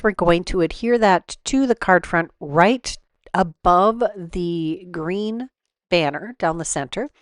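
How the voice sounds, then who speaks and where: A woman with a fairly low voice talks through a paper craft project step by step, relaxed and unhurried, with the odd "um". The recording is dry and close, with no room sound. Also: no room sound. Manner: relaxed, step-by-step explaining with fillers. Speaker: card-making tutorial host. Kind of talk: voice-over craft tutorial.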